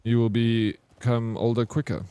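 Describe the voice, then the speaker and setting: A man's voice: medium pitch, level tone, measured pace, mellow, clean tone, no echo. A man streaming a game and chatting casually with his viewers, teasing them back in playful banter. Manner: playful teasing banter, reads chat aloud.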